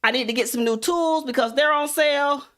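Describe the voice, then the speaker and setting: A man's voice: very high-pitched, brisk, sharp tone. A woman voicing an earnest, patient mechanic man. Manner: earnest, patiently repeating instructions. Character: helpful male mechanic in work coveralls.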